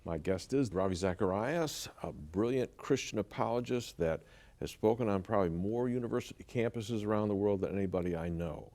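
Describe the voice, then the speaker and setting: Tv host guy, lowish voice, asks his guest stuff straight out. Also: brisk, dark tone. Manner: direct, encouraging interviewer. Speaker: TV show host. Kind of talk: interview questions.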